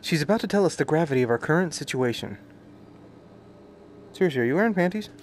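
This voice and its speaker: A male streamer reads game subtitles aloud and breaks off into crude, joking asides. His voice sits somewhat high and swings widely in pitch. He swears freely and reacts loudly to what he sees. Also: animated, fast, a little hiss or hum. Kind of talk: casual let's-play commentary, reading subtitles aloud.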